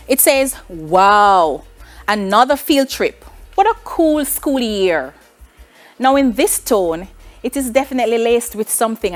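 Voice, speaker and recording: A woman with a Jamaican accent, a teacher giving a recorded online class, explaining in a clear, measured way and asking her students rhetorical questions. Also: a little high.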